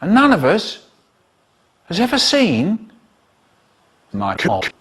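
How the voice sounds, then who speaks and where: Lively male storyteller, sound effects and all. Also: high-pitched, takes it slowly, slightly rough. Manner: animated, expressive storytelling with sound effects and stuttered repeats. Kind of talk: children's storytelling, chopped into a comedy remix.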